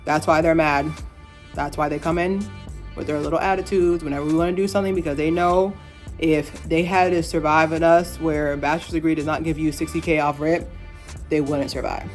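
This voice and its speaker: Animated low-voiced woman in her thirties. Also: a little fast, soft background music. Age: 30s. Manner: animated, laughs often, playful asides. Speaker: vlogger. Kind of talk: casual opinion rant to camera.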